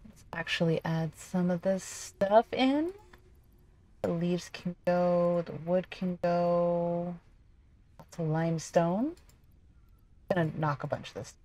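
Chatty, lower-pitched woman gamer. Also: slow, long pauses. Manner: chatty, excitable, talks to herself while playing. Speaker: gaming video host. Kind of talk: casual gameplay commentary.

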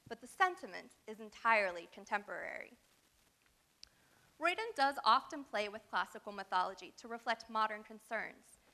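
A woman in her thirties giving a guest lecture, reading a prepared academic text in a measured, scholarly way. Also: fairly high pitch, pushed and bright.

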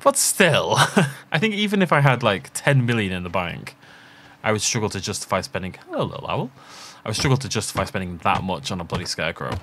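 A man with a fairly low voice narrates his gameplay in a chatty running commentary. His pitch swings widely as he thinks aloud, and he laughs often. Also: big pitch swings, a little fast, a bit bright, a little hiss or hum. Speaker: gaming channel host. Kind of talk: let's play commentary.

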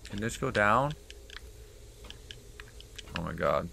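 Gravelly, exasperated game streamer man. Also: fairly low pitch, animated, slow pace, pushed and bright. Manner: exasperated muttering with frequent swearing. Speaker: gameplay host. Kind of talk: casual game playthrough commentary. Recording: noisy home recording.

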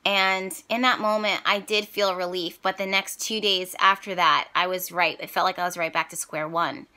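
A woman vlogger telling viewers a personal story in a casual, expressive and emotional way. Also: lowish voice, normal speed. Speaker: spiritual vlogger and reader.

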